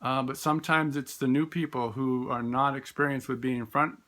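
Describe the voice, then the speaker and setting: A man, a special education teacher, telling classroom stories in a relaxed, storytelling way. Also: medium pitch, moderate pace. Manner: warm storytelling, acts out voices in quotes; frequent fillers and restarts. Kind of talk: informal talk with classroom stories.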